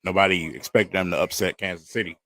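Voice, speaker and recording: A man's voice: deep voice, fast talker, bright, forceful tone, dry recording. A man, hosting a live football watch party and talking through the game in a frustrated, conversational way. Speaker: live stream host. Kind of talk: casual sports watch-party commentary.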